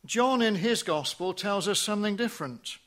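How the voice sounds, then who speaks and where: A man preaching a sermon in a measured way, asking rhetorical questions and dropping to a hush on key phrases. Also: sits high, expressive.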